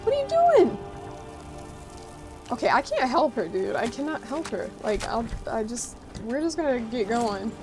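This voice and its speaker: With game music in the background, a woman streams gameplay and banters with chat, teasing her audience lightheartedly. She speaks at normal speed with few pauses, in a fairly high, expressive voice.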